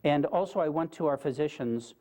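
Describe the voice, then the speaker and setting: A man's voice: on the high side, a little fast, warm tone. A man giving a talk, speaking earnestly and plainly as he shares stories with the audience. He keeps it conversational and often turns to the listeners with a direct question. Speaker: guest speaker. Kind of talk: storytelling lecture to an audience. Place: lecture room with a live audience.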